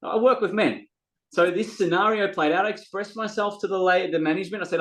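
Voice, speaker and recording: A man's voice: high-pitched, brisk, fairly bright tone, low-quality recording. A man, a guest on a podcast, talking earnestly and from the heart in a casual, story-telling way, sometimes repeating words as he looks for them. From Australia. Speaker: podcast guest, men's coach.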